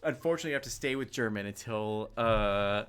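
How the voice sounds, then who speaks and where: A man running a tabletop game on a livestream, chatty and quick to laugh. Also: fairly low pitch, fairly bright tone, clean tone. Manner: laughing often, loose and chatty. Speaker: game master.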